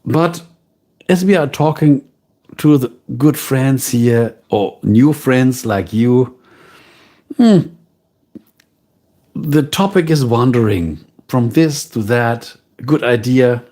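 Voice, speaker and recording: Slow-talking German man streaming. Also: medium pitch. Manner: relaxed, unhurried, talks directly to chat. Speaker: livestream host. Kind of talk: casual chat with viewers.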